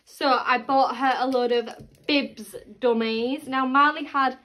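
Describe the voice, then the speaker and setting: High-voiced pregnant woman vlogging. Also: steady tone, a little slow, fairly bright tone. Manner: chatty, gushing, coos to her toddler. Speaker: vlogger and mother. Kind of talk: casual chat to camera. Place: at home.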